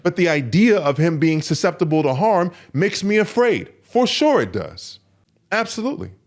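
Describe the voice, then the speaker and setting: Gravelly-voiced man coaching emphatically. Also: on the high side, very animated, normal speed. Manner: emphatic, repetitive, preaching. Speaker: men's coach and podcast host. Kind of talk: podcast monologue.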